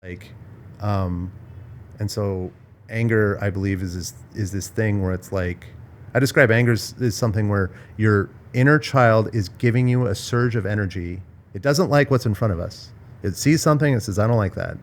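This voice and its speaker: Guy with a lowish voice thinking out loud on a podcast, lots of restarts, faint background hum. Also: normal speed. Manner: thoughtful, searching, restarts and repeats phrases. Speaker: podcast host. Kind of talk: casual reflective conversation. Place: villa in Bali.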